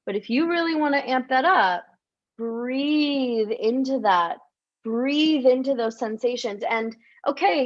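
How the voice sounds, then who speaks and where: Woman love coach, slightly high voice, soft encouraging guided visualization, muffled lo-fi stream. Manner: soft, encouraging, with gasps and drawn-out sighs; repeats words for emphasis. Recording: dull lo-fi stream audio.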